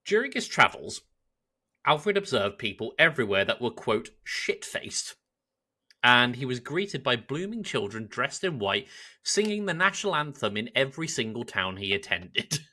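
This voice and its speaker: A man's voice: mid-range voice, very animated, normal speed, sharp tone. A man with an English accent, co-hosting a podcast, telling a historical story in a casual chat and laughing often. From England. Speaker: podcast co-host.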